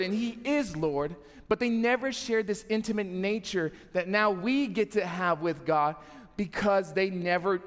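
A young adult man preaching a sermon as pastor, telling funny stories and talking straight to the congregation. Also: sits high. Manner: humorous storytelling, talks to the congregation. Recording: long hall reverb.

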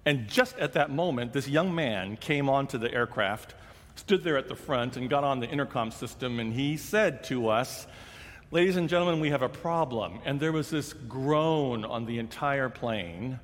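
A man preaching a sermon, telling a personal story in a conversational, animated way and acting out the quoted lines. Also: mid-range voice, measured pace. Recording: long reverb of a large hall.

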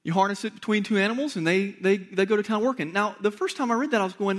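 A pastor delivering a sermon in a conversational way, speaking straight to the congregation with rhetorical questions and emphatic repetition. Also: male voice, high-pitched, fast talker, hardly any pauses.

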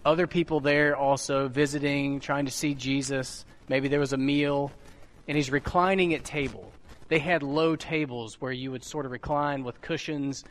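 A man preaching a sermon, retelling a scripture story slowly and vividly, leaning on deliberate emphasis. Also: mid-range voice, steady tone, in a large hall.

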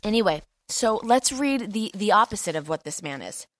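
A woman preaching a fervent, conversational sermon, repeating key lines for emphasis and often pausing on fillers. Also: medium pitch, lively intonation, fairly bright tone, no room sound, studio quality.

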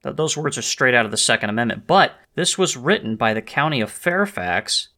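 A man's voice: mid-range voice, lively intonation, fairly quick, bright, forceful tone. A man hosting a history and politics show, speaking in an emphatic, lecturing monologue and reading quotations aloud with added stress. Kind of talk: monologue on the Second Amendment.

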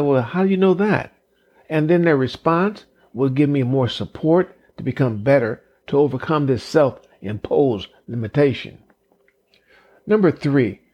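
A man giving a slow, deliberate motivational talk, counting off numbered points with emphasis. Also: medium pitch, a little mellow, slightly rough. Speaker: motivational speaker.

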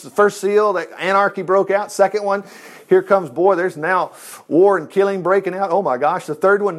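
An older man preaching a sermon, reading Bible verses aloud and commenting in a folksy, joking, conversational way. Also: high-pitched.

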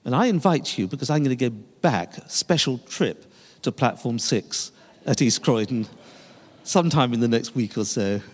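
A man's voice: medium pitch, expressive, normal speed, breathy edge. An older man, a pastor, preaching a sermon with emphatic, rising and falling delivery. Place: church sanctuary. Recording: long reverb of a large church hall.

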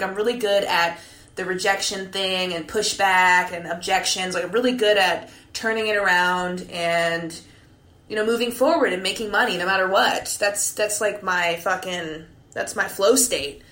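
A young woman hosting a podcast, telling a story in a candid, profane, animated way, a few drinks in. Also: mid-range voice, echoey room. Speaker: podcast host. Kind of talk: casual monologue.

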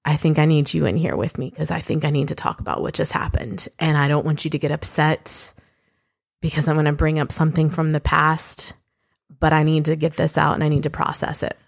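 A woman with a notably low voice tells a raw personal story on a podcast. She talks in a chatty, unfiltered way, full of fillers and casual swearing. She sounds like a woman in her thirties. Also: little pitch movement, brisk, gravelly. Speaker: podcast co-host.

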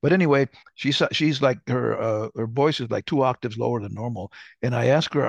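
A man's voice: medium pitch, fairly quick, gravelly, dry recording, muffled recording. An older man chatting casually as co-host, telling rambling stories and often restarting his sentences. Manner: rambling, self-correcting storyteller. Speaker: podcast co-host. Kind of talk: casual conversation.

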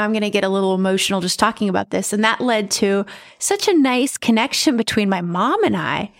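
Middle-aged woman podcaster, chatty and animated, a bit high-pitched, casual storytelling. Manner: chatty, animated, says right and you guys. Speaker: podcast host and medium.

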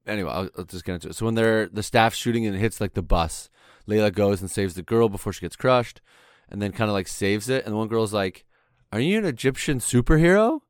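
Young Canadian man, podcast co-host, lowish voice, filler-heavy rambling, dry close sound. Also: fast, clear, resonant tone, no room sound. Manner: rambling, heavy on "like" and "yeah", swears casually. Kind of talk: casual chat.

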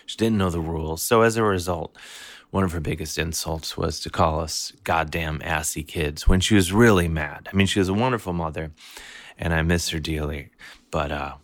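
A man's voice: low-pitched, normal speed, dry recording. A man in his fifties telling a family story in a meandering, wry, self-interrupting way. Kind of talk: casual storytelling.

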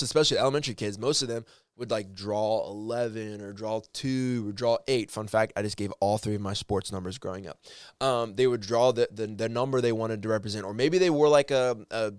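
A man's voice: fairly low pitch, smooth, no room sound, studio quality. A man telling a personal story to his viewers in a casual, heartfelt way, rambling and correcting himself as he goes. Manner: rambling, with frequent restarts and self-corrections; earnest and encouraging.

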